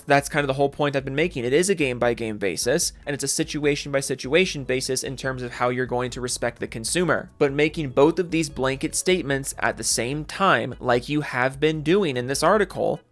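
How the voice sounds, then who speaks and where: A man giving casual, profane, sarcastic commentary on gaming and rattling off viewer shout-outs. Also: mid-range voice. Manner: profane, sarcastic, rapid-fire.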